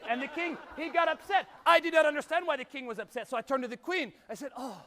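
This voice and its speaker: A man's voice: very high-pitched, fast talker, pushed and bright, some chatter behind. A man voicing an exaggerated Frenchman on stage, rambling and mock-serious, with a put-on French accent. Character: boastful exaggerated Frenchman comedian, adult man. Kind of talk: stand-up character comedy.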